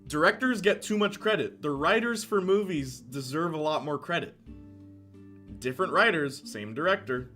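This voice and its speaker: A young man streaming casual commentary, animated, laughing often and answering chat. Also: fairly high pitch, moderate pace, soft background music.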